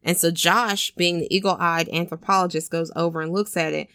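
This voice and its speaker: A woman with a slightly low voice retells a film's plot for a podcast, loose and chatty. She bounces into the characters' lines as she goes. The recording is dry and close, with no room sound. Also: normal speed, smooth, no room sound. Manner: animated, acts out characters' lines with cursing and laughs. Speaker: podcast co-host retelling a film. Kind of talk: casual chat.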